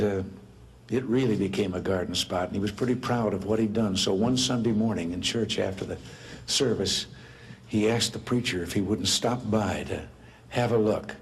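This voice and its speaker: A man in his seventies giving a humorous speech, telling folksy anecdotes and lifting his voice for the characters in his jokes. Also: on the low side. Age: 70s. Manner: folksy anecdotal storytelling, lifts voice for quoted characters.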